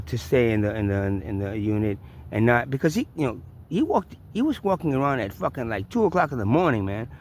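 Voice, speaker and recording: Slight background noise sits under this New York-accented man's casual storytelling as a vlogger. He has a medium-pitched, darkish voice and rambles profanely through a personal story, restarting and repeating often.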